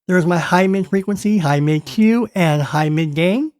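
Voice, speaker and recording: A man's voice: sits high, a little slow, darkish tone. A man talking casually through his guitar effects settings, playful and self-amused, chuckling between remarks. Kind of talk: casual tutorial talk. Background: electric guitar playing.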